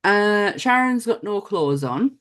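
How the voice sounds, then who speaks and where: A woman's voice: medium pitch, animated, slow pace, a bit bright. A woman co-hosting a casual film review podcast, blunt and giggly, and she swears freely. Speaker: podcast co-host.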